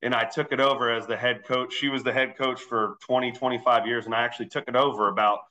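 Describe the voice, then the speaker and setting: A man's voice: medium pitch, fairly even intonation, quick pace, sharp tone, low-quality recording. A man, a swim coach, telling stories in an easygoing way as a guest on a casual podcast. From Philadelphia area, raised in Texas. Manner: easygoing storytelling with fillers.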